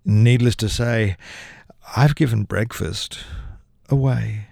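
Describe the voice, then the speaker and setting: A man's voice: lowish voice, slow, vocal fry, a little mellow, no echo, clean studio sound. A man, a poet, performing his comic poem with a theatrical delivery and big dramatic swings in his voice. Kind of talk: performance poetry reading.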